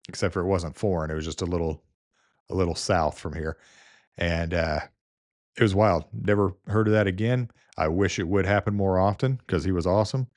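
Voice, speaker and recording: Low-voiced man telling nurse stories. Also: a little mellow, dry recording, studio quality. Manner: rambling, with many fillers and restarts. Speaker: nurse and video host. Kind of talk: casual storytelling.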